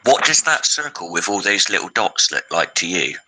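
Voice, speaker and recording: A man's voice: low-pitched, sing-song, normal speed, sharp tone, slightly rough, poor audio. A man co-hosting a casual live podcast, chatty and enthusiastic. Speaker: podcast co-host. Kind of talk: casual livestream chat.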